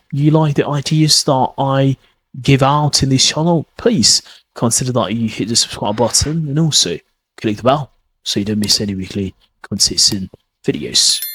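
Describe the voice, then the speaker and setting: A man with a husky, slightly breathy voice gives a casual spoken lesson as a podcast host. He rambles a little, leans on fillers like "I mean" and "kind of", and keeps circling back to encourage the listener to practise. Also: medium pitch, a bit bright. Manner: encouraging, repeats key points. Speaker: English pronunciation teacher, podcast host.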